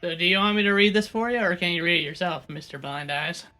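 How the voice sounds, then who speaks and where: Bright-voiced, teasing gamer man. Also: sits high, rapid-fire, faint music behind. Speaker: let's play co-host. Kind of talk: casual gaming commentary and reading aloud.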